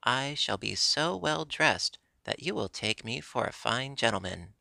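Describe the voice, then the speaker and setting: A man voicing an earnest wooden puppet boy in a storybook reading, pleading and excitable. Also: medium pitch, measured pace, gravelly, no echo, heavily acted. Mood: cheerful.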